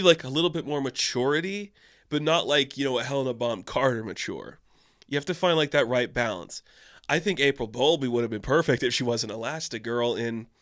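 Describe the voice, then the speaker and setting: A man giving a casual, animated film review, full of filler words and rising to loud indignation. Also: mid-range voice. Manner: animated, lots of "like" fillers, gets loudly indignant.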